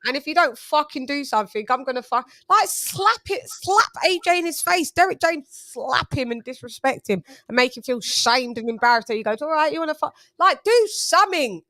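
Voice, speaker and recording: A woman's voice: high voice, expressive, normal speed, few pauses, pushed and bright, no room sound. Woman going off about boxing, swears a lot, pretty dry sound. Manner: blunt, profane, emphatic. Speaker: channel host. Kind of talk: casual live watch-along chat.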